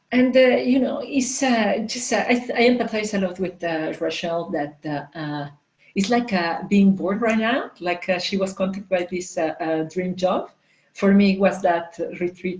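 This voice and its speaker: A woman in her forties shares a frank personal story as a coach speaking to a live audience. She talks haltingly, restarting sentences with plenty of fillers, and her voice sits mid-range. The room around her is echoey. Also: mid-range voice, a little mellow, lo-fi sound. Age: 40s. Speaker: coach and entrepreneur.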